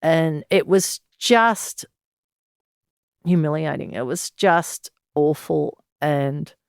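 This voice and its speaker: A woman's voice: low-pitched, slow pace, clean tone, dry recording, studio quality. An Australian woman in her sixties, a former detective, telling her story frankly and bluntly in an interview. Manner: frank, blunt, earthy, with sighs and laughs. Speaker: former police detective, guest.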